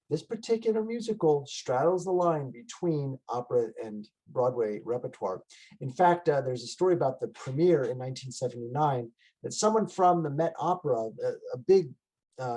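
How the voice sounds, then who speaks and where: A man's voice: medium pitch, dark tone, rough recording. A man giving a conversational lecture on a musical, with frequent fillers and restarts. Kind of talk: casual lecture. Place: online library talk.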